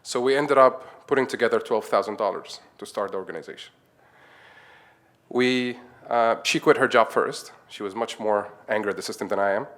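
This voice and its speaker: Low-voiced man. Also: normal speed, fairly bright tone. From Egypt. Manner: chatty, acts out quoted dialogue, chuckles often. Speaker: conference speaker, nonprofit founder. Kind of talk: conference talk, anecdotal storytelling.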